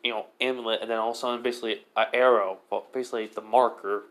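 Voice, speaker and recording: A man's voice: medium pitch, steady tone, very fast, a bit bright. A young man improvising a fan story aloud, rambling with many fillers.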